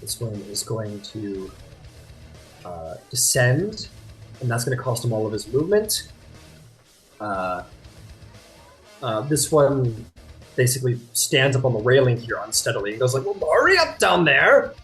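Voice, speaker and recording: A man narrating as game master of a tabletop game, chatty and quick to apologize. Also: mid-range voice. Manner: lively, chatty, apologetic asides. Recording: faint guitar music behind.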